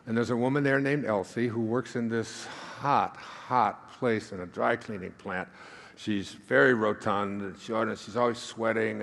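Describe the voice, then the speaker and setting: A man's voice: fairly low pitch, vocal fry, a bit bright. A man giving a self-help talk to an audience in a hall, rambling conversationally through stories and reading passages aloud to his listeners. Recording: reverberant hall sound.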